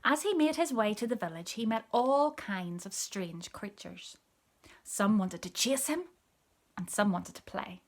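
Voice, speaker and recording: A storybook reader, a woman with a medium-pitched voice, reads a picture book aloud a little slowly but animatedly. She tells the story softly, often whispering, and points out the pictures as she goes.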